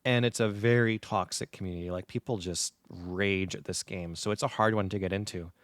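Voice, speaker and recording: A man in his thirties co-hosting a podcast, telling an animated story in casual chat, speaking right up against a close microphone. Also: low-pitched, brisk, dry recording. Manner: animated storyteller, acts out quoted gamers. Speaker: podcast co-host. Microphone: close dynamic podcast mic.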